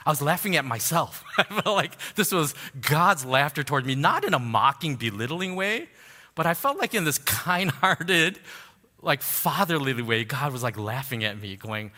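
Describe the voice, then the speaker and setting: A man preaching a sermon, telling a personal story in an animated way, laughing at himself and dropping soft and low when he turns to prayer. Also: moderate pace. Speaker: pastor. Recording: long hall reverb.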